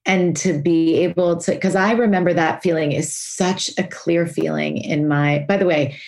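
A woman's voice: fairly low pitch, fairly even intonation, moderate pace, a little mellow. A woman podcast host talking candidly and reflectively about her own feelings, laughing easily. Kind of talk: podcast interview, personal reflection.

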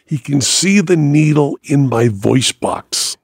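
A man hosting a podcast, telling a story in a casual, animated way and acting out other people's voices. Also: fairly high pitch, slow pace, no room sound, clean studio sound. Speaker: podcast host.

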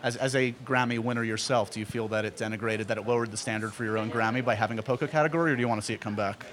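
A man's voice: on the low side, steady tone, rapid-fire, fairly bright tone. A man interviewing a guest in casual chat, with dry, teasing, self-deprecating humor.

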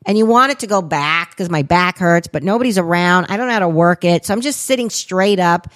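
A woman's voice: lowish voice, lively intonation, a little fast, fairly bright tone. A woman co-hosting a podcast, telling a rambling story in casual chat, dropping swear words and lots of fillers. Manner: chatty, profane, rambling with many "like"s. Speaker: podcast co-host.

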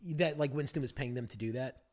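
A man's voice: mid-range voice, fast, a little mellow. A man co-hosting a casual comedy podcast, trading playful quips and laughing. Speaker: podcast co-host.

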